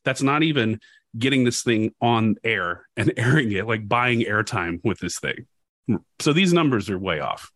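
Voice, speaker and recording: A man's voice: fairly low pitch, animated, normal speed, fairly bright tone, dry recording, studio quality. A man hosting a podcast, recounting a story in frank, conversational chat. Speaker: podcast host. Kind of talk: casual chat.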